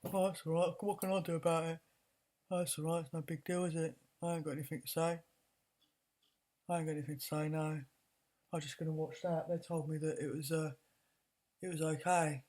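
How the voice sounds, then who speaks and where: A woman's voice: sits low, flat delivery, brisk, long pauses, mellow. A woman mocking a dazed, complacent woman who is happy with her lot, in a dozy, sarcastic tone. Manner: mock-contented, dozy sarcasm.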